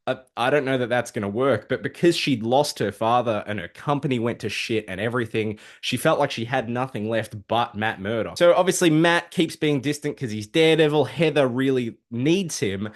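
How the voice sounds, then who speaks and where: A man casually recapping a dark comic book story, swearing freely and throwing in sarcastic asides. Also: medium pitch, normal speed, hardly any pauses. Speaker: comic book video host.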